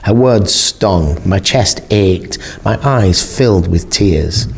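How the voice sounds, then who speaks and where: A man reading a first-person novel aloud as an audiobook narrator, measured and expressive. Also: low-pitched, slight background noise.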